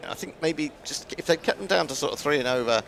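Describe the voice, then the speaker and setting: A man's voice: on the high side, expressive, fast talker, creaky, fairly bright tone, a little hiss or hum. A man doing ball-by-ball cricket commentary, chatting and musing aloud as he calls the play.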